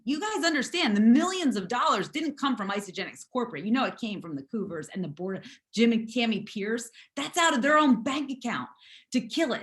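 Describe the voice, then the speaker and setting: A hoarse woman leading a motivational team call, emphatic and repetitive as she urges her team on. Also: a little high. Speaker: network marketing team leader.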